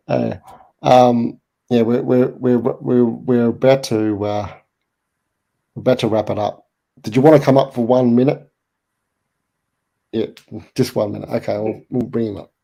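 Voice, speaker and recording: Australian man, live chat host, rambling, mellow gravelly voice. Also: mid-range voice, fairly even intonation, measured pace, pauses often. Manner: rambling, repeats words, laughs. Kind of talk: casual live chat, storytelling.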